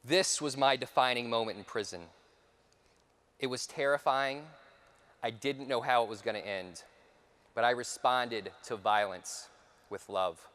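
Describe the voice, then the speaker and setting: A man giving a conference talk, telling a personal story with dramatic shifts, sometimes dropping to a hushed voice. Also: mid-range voice, unhurried, pauses often, long reverb tail. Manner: dramatic storytelling, dropping to near whispers for repeated phrases. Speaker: conference speaker.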